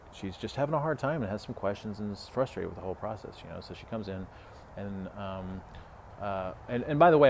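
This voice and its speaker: A man's voice: on the low side, darkish tone, a little hiss or hum. A man talking casually as a health coach, retelling a client conversation with lots of fillers and asides. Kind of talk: casual podcast talk.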